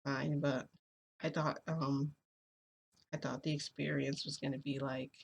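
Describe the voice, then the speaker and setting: A woman's voice: very deep voice, flat delivery, a little slow, gravelly, a little hiss or hum. A woman vlogger telling a personal story in casual chat, rambling with lots of fillers and restarts.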